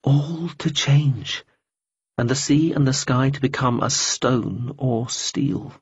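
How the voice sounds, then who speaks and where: A man voicing a calm, withdrawn older woman who speaks slowly and quietly, in a dull lo-fi recording. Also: fairly high pitch, breathy edge, voice pushed up, exaggerated voice. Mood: brooding.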